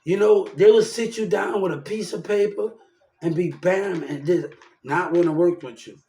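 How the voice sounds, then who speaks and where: Heated young man with a high voice. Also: fairly even intonation, moderate pace, warm tone, roomy sound, a little hiss or hum. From New Orleans, Louisiana. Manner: rambling, heated, swears often. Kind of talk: casual ranting monologue.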